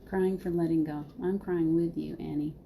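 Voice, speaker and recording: Mellow-voiced woman hosting spiritual talk. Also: deep voice, fairly even intonation, moderate pace, vocal fry, a little hiss or hum. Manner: heartfelt, laughs often, reads viewer comments. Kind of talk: live-streamed spiritual talk.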